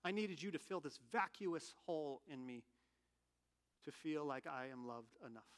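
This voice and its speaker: A man preaching a sermon in a candid, animated, conversational way, telling personal stories. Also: a little high, moderate pace. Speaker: pastor.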